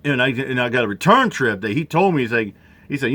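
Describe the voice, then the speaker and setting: Man, casual reaction commentary, halting, filler-heavy, mid pitch. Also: very animated, a bit bright. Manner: halting, many fillers and restarts.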